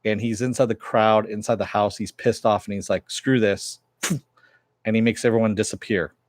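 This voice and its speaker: A man's voice: fairly low pitch, fairly even intonation, brisk, dry recording, studio quality. A man casually recapping and reviewing a TV episode, rambling with many fillers as he retells the plot.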